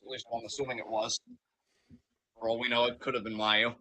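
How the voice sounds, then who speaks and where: A man co-hosting a live wrestling watch-along, giving animated play-by-play and hyping the wrestlers on a home streaming mic. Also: medium pitch, brisk, slight background noise. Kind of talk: live reaction commentary.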